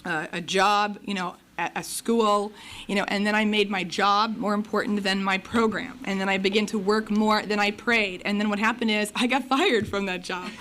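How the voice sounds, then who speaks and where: A woman's voice: medium pitch, normal speed, a little hiss or hum. A woman from Los Angeles telling her recovery story to a meeting, acting out what others said and often laughing as she talks. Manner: lively storyteller who acts out what others said; laughs while telling stories. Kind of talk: personal testimony talk. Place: meeting hall podium.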